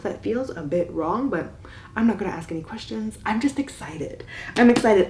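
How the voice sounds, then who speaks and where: A woman book vlogger talks in an unhurried, drawn-out way, piling on theatrical, over-the-top reactions. Her voice sits a little low for a woman. The recording has a roomy echo. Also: darkish tone, a little hiss or hum. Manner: theatrical, gushing exaggeration. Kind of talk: casual reading vlog.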